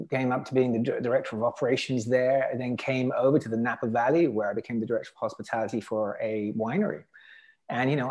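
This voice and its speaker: Gravelly British-born man telling his story. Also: medium pitch. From United Kingdom. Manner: animated, acts out quotes, frequent fillers. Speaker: podcast guest. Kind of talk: casual interview storytelling.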